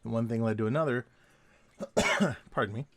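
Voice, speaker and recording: A man's voice: mid-range voice, moderate pace, noisy background. A man telling rambling stories from his days as a security guard while he draws, drifting off topic and chuckling often. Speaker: artist and vlogger, former security guard. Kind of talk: casual storytelling while drawing. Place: home desk at night, drawing.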